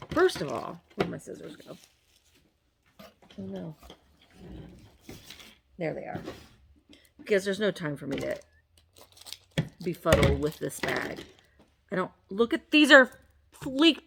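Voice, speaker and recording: A woman's voice: sits high, creaky, fairly bright tone, a little hiss or hum. A woman vlogger chatting casually as she unboxes a package, gushing over each item and talking playfully to the objects. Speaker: reseller vlogger.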